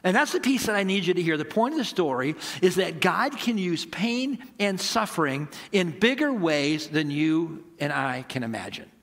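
A middle-aged male pastor preaches in a bright, forceful voice that sits a little high. He talks to his congregation conversationally, asks them rhetorical questions and acts out both sides of the conversations in his stories. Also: expressive, normal speed, hardly any pauses, big-room sound. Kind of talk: sermon.

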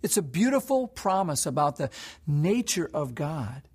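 Husky-voiced male pastor preaching. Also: a little high, sing-song, unhurried. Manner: swings between soft hushed prayer and rising impassioned emphasis. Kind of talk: sermon.

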